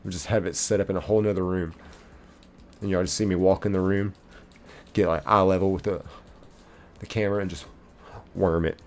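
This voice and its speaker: A man's voice: deep voice, steady tone, a little fast, pauses often, soft background music. A man streaming a game live, chatting casually and reading viewer comments aloud.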